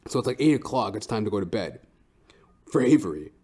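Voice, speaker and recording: A man's voice: lowish voice, big pitch swings, a little fast, dark tone, breathy edge. A man hosting a podcast, telling a comic story in a profane, ranting way with frequent "right?". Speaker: podcast host.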